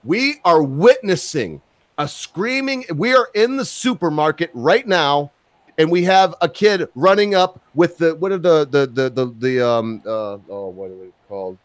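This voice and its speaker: A man's voice: fairly high pitch, lively intonation, unhurried, no echo. A man hosting an opinionated chat show, rambling, swearing and losing his train of thought. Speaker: podcast host.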